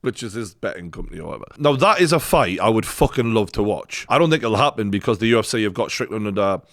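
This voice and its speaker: A man's voice: lowish voice, lively intonation, fast, a bit bright, no echo, studio quality. A man with a Geordie accent from north-east England, a host giving blunt, sweary, casual reaction commentary on fight clips. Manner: blunt, sweary, laughs often.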